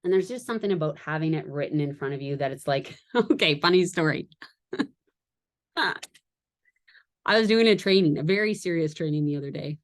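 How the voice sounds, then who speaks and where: A woman giving a casual training talk to her sales team, chatty and quick to laugh at her own jokes and wander into asides. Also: sits low, expressive.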